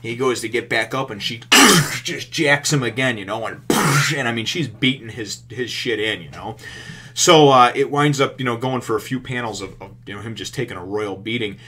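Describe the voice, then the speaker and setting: Bright-toned man recapping casually. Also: medium pitch, moderate pace, a little hiss or hum. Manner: rambling, profane, many fillers. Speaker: manga reviewer.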